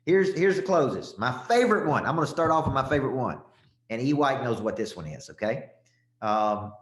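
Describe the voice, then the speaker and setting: A middle-aged man from Tennessee delivers a live sales coaching talk. He talks in punchy, emphatic bursts and keeps checking in with his listeners. His voice sits at an ordinary pitch and rings out in a roomy, echoing space. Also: sing-song, normal speed. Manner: emphatic, punchy, frequent "okay?" check-ins. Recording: echoey room.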